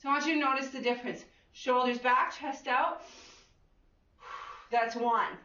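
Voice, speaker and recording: A woman's voice: sits high, steady tone, a little slow, sharp tone. A woman fitness instructor cueing an exercise class with an upbeat manner, counting reps and letting out whoops. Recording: echoey room, far from the mic, dull lo-fi.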